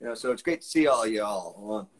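A man's voice: fairly low pitch, expressive, normal speed. A man hosts a music live stream in a folksy, upbeat way. He chats easily and greets his viewers by name. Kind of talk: casual chat. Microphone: live stream mic.

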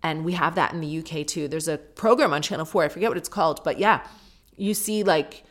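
Frank, low-voiced woman podcaster. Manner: frank, chatty, quick to laugh. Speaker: podcast host. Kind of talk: casual chat.

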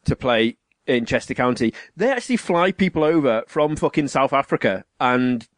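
A man's voice: medium pitch, moderate pace, no room sound. A man hosting a casual podcast, telling stories with swearing and laughter. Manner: swearing, laughing, animated storytelling. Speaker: podcast host.

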